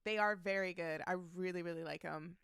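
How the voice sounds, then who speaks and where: A woman's voice: on the low side, fairly even intonation, fairly quick, gravelly, fairly bright tone, clear, resonant tone, no room sound, clean studio sound. A woman streaming live, chatting casually, reading out chat messages and greeting viewers by name, laughing often.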